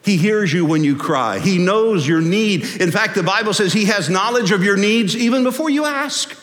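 A man preaching a sermon as pastor, folksy and animated, swinging from loud to hushed. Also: sits high, moderate pace. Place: church sanctuary. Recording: long hall reverb.

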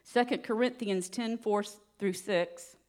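A woman giving a sermon in an earnest, steady teaching manner, with light laughs now and then. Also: medium pitch, unhurried. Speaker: preacher.

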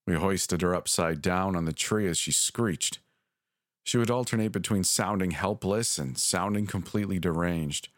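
A podcast narrator with a very deep voice reads a scripted horror story at a measured, deliberate pace. The recording is dry and close, with no room sound.

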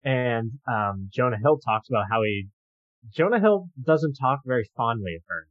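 Young male co-host, thoughtful casual film chat, mid pitch, muffled lo-fi dry recording. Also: animated, moderate pace, no room sound. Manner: earnest and thoughtful, many ums and restarts. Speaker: podcast co-host. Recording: dull, lo-fi dry sound.

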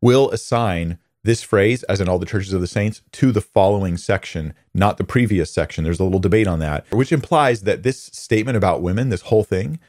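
A man talks through a Bible lesson in an earnest, conversational way, pausing on fillers and restarting his sentences. His voice sits low, and the recording is dry and close, with no room sound. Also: a little mellow, no echo. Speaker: Bible teacher. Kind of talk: teaching lecture with screen slides.

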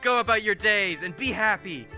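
A man puts on a loud, giddy young king in a tabletop role-play, all shouts and cheer. The voice is raised and very bright. Faint music plays behind. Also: high voice, animated, moderate pace, pitched above the performer's own voice, full character voice. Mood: rallying. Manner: shouty, exuberant.

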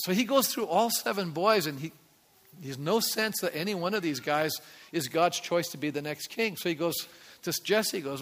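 A male pastor with a high, bright voice tells a story in his sermon at normal speed, acting out its characters and building to loud, emphatic peaks. A long reverb suggests a church hall.

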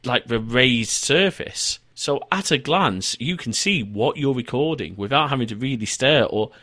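A man's voice: medium pitch, lively intonation, measured pace, bright, forceful tone, no echo, studio quality. A man hosting an online interview, chatty and adding enthusiastic asides. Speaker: podcast host. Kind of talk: conversational interview.

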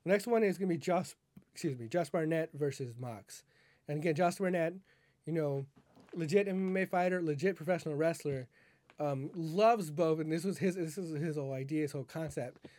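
High-voiced man in casual wrestling chat. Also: mellow, dry recording. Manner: rambling, self-correcting, laughs at himself. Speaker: podcast co-host.

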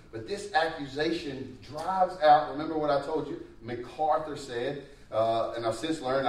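A man, a pastor preaching a sermon in a conversational way, his pace and loudness rising and falling. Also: medium pitch. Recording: echoey room, mic at a distance.

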